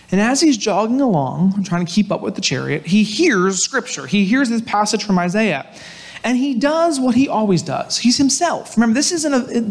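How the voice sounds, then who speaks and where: A man with a fairly high voice gives a sermon. He tells the story in a loose, conversational, animated way and talks straight to his listeners. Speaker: pastor.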